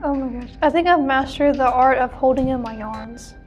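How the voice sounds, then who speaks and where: A teenage girl co-hosts a podcast, chatting casually, giggling often and restarting her sentences. Her voice is high and her pace normal.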